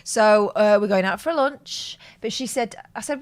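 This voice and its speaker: A woman's voice: mid-range voice, normal speed, a little hiss or hum. Dry-humoured woman in her forties. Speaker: co-host. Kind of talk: casual chat.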